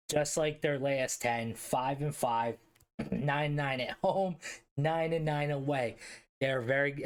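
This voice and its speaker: A man with a Philadelphia accent hosting a live stream, ranking hockey league teams in a loose, slangy way, swearing and answering chat aloud. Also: fairly high pitch. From Philadelphia area, US. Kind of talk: casual live-stream commentary.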